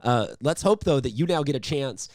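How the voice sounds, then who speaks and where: A man's voice: mid-range voice, expressive, normal speed, darkish tone, dry recording, clean studio sound. A man hosting a sports interview, upbeat and chatty, rambling with restarts. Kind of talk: casual interview.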